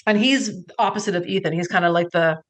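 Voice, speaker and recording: A young woman co-hosting a podcast, telling a story in animated casual chat, swearing freely and acting out what others said. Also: lowish voice, fast talker. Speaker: podcast co-host.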